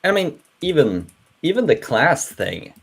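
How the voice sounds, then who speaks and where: A man with a Norwegian accent talking in a casual online panel, animated and chuckling, often trailing off and restarting. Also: a little high, measured pace, vocal fry, breathy edge. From Norway. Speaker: panel guest.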